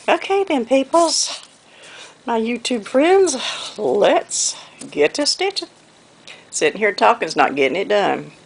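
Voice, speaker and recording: Gravelly Southern woman chatting folksy. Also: low-pitched. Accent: Southern US, North Carolina. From North Carolina. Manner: rambling and folksy, often trailing off with "okay, anyway". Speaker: quilting vlogger. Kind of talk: casual chat to camera while hand quilting.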